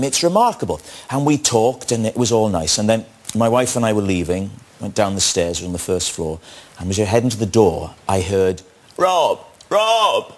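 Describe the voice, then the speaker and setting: An older man telling a lively anecdote, laughing and acting out the voices in it. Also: on the low side, husky. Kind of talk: anecdote told in a clip.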